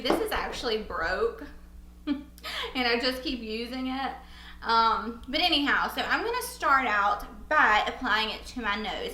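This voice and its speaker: Young Southern woman, bright and a bit high, chatty beauty vlogger; roomy echo with faint hum. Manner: bubbly, chatty, laughs at herself. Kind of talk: casual makeup tutorial chat.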